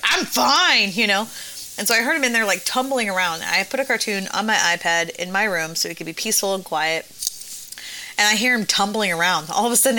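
A woman's voice: medium pitch, sharp tone, slight background noise, low-quality recording. A woman in her thirties co-hosting a casual chat, telling stories with sarcasm and frequent laughter. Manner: laughs often, sarcastic storytelling. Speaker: podcast co-host.

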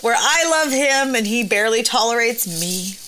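A woman's voice: fairly high pitch, lively intonation, normal speed, sharp tone, a little hiss or hum, low-quality recording. A woman in her thirties co-hosting a casual chat, telling stories with sarcasm and frequent laughter. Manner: laughs often, sarcastic storytelling. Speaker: podcast co-host.

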